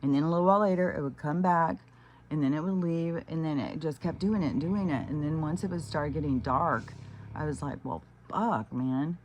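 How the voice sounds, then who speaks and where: Middle-aged woman vlogger, deep-pitched for a woman, blunt and profane, faint room ambience. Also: brisk, a little hiss or hum. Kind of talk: casual rant to camera.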